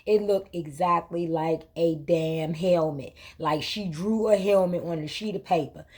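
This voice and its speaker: A woman's voice: fairly low pitch, measured pace. Emphatic colloquial woman telling a story. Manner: emphatic, repetitive retelling with lively quoted exchanges; colloquial, vernacular grammar. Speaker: vlog host. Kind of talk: casual storytelling to camera.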